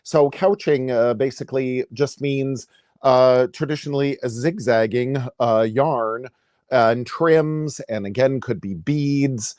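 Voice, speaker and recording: A man's voice: medium pitch, slow pace, a little mellow, no room sound, studio quality. A man from Canada hosting a casual live sewing demonstration from his home sewing room, chatty and upbeat, laughing often and using many fillers. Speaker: sewing educator and live-stream host.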